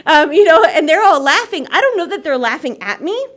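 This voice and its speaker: A woman with a fairly high voice tells her recovery story to a meeting. She talks in a chatty, self-mocking way and laughs at herself often. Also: very animated, a little fast, fairly bright tone. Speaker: AA meeting speaker. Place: meeting hall.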